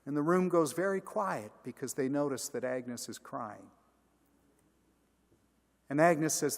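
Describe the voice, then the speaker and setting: Senior pastor in a sermon, animated storyteller, fairly high voice, big church reverb. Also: male voice, unhurried, vocal fry, long pauses. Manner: animated, acts out every character. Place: large church sanctuary.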